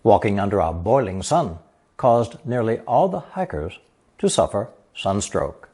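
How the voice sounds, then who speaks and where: A man narrating a scripted language lesson, explaining characters slowly and reading example sentences. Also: on the low side, big pitch swings, warm tone, slightly rough. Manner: slow, measured explanations with example sentences read aloud. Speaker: language teacher.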